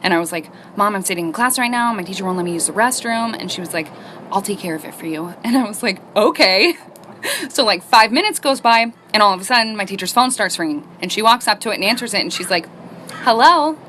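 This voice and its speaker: A young woman telling a storytime in a casual, animated way, swearing freely. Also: medium pitch, quick pace, slight background noise.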